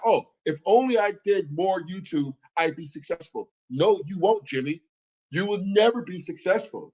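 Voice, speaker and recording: Profane, combative man, high voice. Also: rough recording. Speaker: streamer reacting to a video. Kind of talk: heated reaction commentary.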